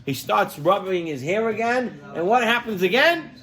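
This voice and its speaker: Speaking at a moderate pace in a high voice, a rabbi gives his sermon. He brings his stories to life by playing their characters and softens to a near whisper to drive home a point.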